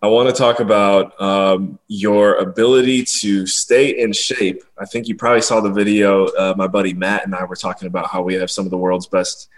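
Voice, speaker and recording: A young man hosting a casual interview podcast, easygoing and quick to laugh. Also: on the low side, flat delivery. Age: young adult. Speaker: podcast host, grandson.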